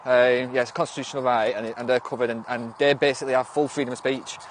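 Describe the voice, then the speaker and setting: With a medium pitch and flat delivery, a young Northwest England man talks fast on a casual phone livestream. He rambles through viewer comments with frequent restarts, the odd swear, and sharp comebacks at commenters, his Northern accent clear over a little hiss or hum.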